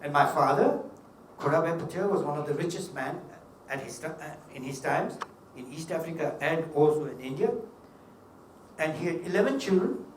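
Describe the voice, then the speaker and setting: A man's voice: a little high, lively intonation, moderate pace, slight background noise. A man giving a seminar talk, telling humorous stories with emphatic delivery. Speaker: seminar speaker. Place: hotel seminar hall. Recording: echoey hall, mic at a distance.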